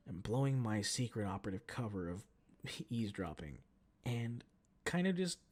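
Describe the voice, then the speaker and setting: A man's voice: mid-range voice, darkish tone, breathy edge. A man hosting his solo podcast, telling a story in a casual, profane, self-mocking rant. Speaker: podcast host.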